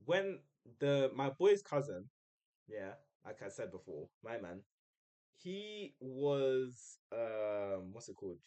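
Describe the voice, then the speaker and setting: A man's voice: big pitch swings, takes it slowly, darkish tone. A young man, telling a story casually on a live stream, chatty and full of slang. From United Kingdom. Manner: chatty, uses slang, mimics others in a high voice.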